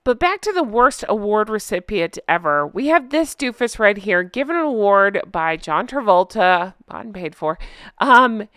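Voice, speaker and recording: A woman's voice: medium pitch, big pitch swings, normal speed, a bit bright, clear, resonant tone, no room sound, clean studio sound. A young adult woman hosting a casual chat show, chatty and sarcastic, laughing often. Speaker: host.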